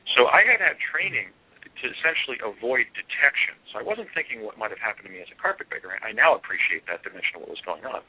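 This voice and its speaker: A man telling a long first-person story as an interview guest, earnest and halting, with frequent fillers. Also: mid-range voice, sing-song, pushed and bright, slightly rough, rough recording.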